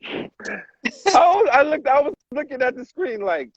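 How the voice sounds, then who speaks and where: A man's voice: extremely high pitch, very animated, unhurried, no room sound. A man hosting a casual conversation, laid-back and agreeable as he listens and chats. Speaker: host. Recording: dull, dry sound.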